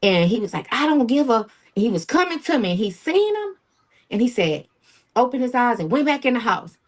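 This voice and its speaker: A woman guest in an interview, telling a personal story in a halting, emotional way and acting out what people said. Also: on the high side, sing-song. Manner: tells events with quoted dialogue, emotional, halting.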